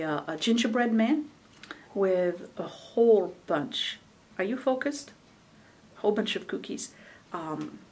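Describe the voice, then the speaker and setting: A woman's voice: medium pitch, fairly bright tone. A middle-aged woman chatting casually to camera at home, rambling and laughing often as she talks about holiday decorating.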